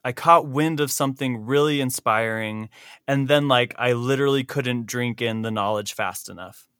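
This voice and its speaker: A man hosting a casual podcast chat, animated and quick to laugh. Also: mid-range voice, clean tone, dry recording, clean studio sound. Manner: animated, laughs often, chatty storytelling. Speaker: podcast host.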